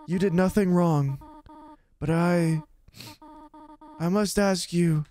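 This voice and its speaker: A man voicing a gentle, motherly goat woman in a game, speaking formally and politely with no contractions. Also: high voice, steady tone, takes it slowly, pitched above the performer's own voice.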